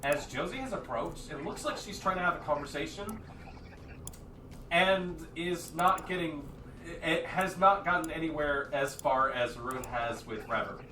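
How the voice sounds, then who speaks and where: A man's voice: fairly high pitch, measured pace, pushed and bright, echoey room, distant mic, slight background noise. A man narrating a tabletop game as game master, rambling with many fillers and restarts.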